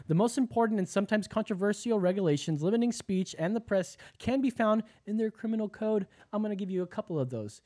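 A man's voice: sits high, expressive, quick pace, few pauses, dark tone. An American man hosting a casual podcast, reading out laws and rambling about them with plenty of swearing and self-mocking laughs. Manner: profane, rambling, laughs at himself. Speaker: podcast host.

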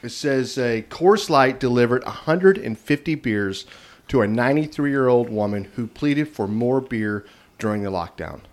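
A man's voice: medium pitch, animated, moderate pace. Rambling joking male podcast co-host. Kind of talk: casual banter.

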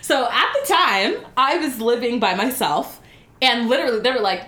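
A woman telling a story in casual chat, animated and giggly, acting out the dialogue. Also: on the high side, moderate pace, reverberant.

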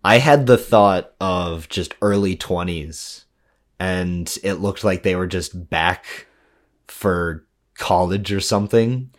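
A woman's voice: rumbling low, slow pace. A woman co-hosting a podcast in casual chat, laid-back and chiming in with short remarks. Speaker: podcast co-host.

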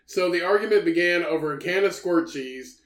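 A man's voice: sits high, fairly quick, fairly bright tone, echoey room. A man co-hosting a podcast, casually recounting a news story in a laid-back way with lots of fillers. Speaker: podcast co-host.

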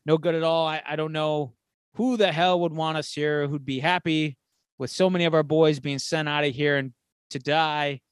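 A man with a slightly raised pitch retells a war movie scene by scene in a loose, chatty way. He keeps dropping into the characters' lines as he goes. The sound is dry and close to the mic. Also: normal speed, smooth, no room sound. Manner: animated storyteller acting out quotes with swearing. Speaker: podcast co-host. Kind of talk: casual retelling of a film plot.

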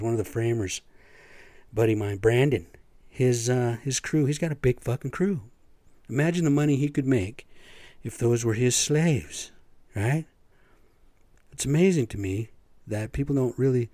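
A man's voice: medium pitch, warm tone, no room sound. A man hosting his own podcast, rambling in casual, profane talk with lots of fillers. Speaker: podcast host. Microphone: podcast microphone.

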